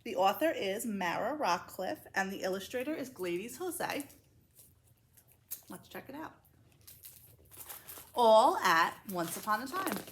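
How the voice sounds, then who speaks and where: A woman librarian reading a children's picture book aloud, expressive and playful, with asides to young listeners. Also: mid-range voice, unhurried, pauses often, a little hiss or hum. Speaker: school librarian.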